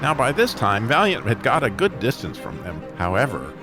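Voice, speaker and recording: Lively folksy male narrator. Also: mid-range voice, moderate pace. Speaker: host and narrator. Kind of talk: storytelling narration. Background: music.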